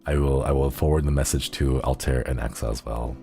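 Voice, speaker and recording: A young man with a very deep voice chatting casually on a livestream, rambling and giggling as he jumps between thoughts. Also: fairly even intonation, a little fast, vocal fry, mellow, faint music behind. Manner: rambling, giggly, easily sidetracked. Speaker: streamer.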